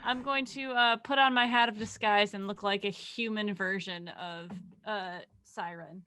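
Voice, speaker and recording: A woman playing a tabletop game, chatting in a playful, quick way. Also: medium pitch, steady tone, pushed and bright, clear, resonant tone. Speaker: player. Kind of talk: casual tabletop game chat.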